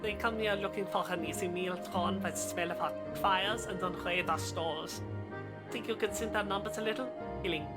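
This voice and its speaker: A woman reading aloud as a gruff, weary low-born male soldier in a video game, speaking in rough folksy speech. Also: moderate pace, over loud music, lightly acted. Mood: matter-of-fact.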